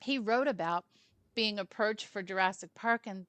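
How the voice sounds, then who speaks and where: A woman's voice: mid-range voice, a little slow, a bit bright, dry recording. Chatty woman hosting a film chat. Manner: chatty, rambling, with many asides and fillers. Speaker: film club host. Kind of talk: casual film review chat.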